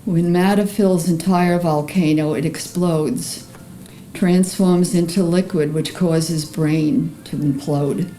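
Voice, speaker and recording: An older woman with a Bronx accent, an artist reading a personal memoir aloud in an earnest, emotional, measured way. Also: lowish voice, steady tone, mellow, a little hiss or hum, low-quality recording. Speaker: artist presenting her paintings.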